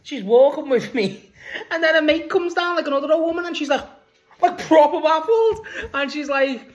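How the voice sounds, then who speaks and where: A man's voice: extremely high pitch, fairly quick. A man with a Liverpool accent telling a rambling, sweary story in a casual vlog. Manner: rambling, sweary, laughs while talking. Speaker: vlogger.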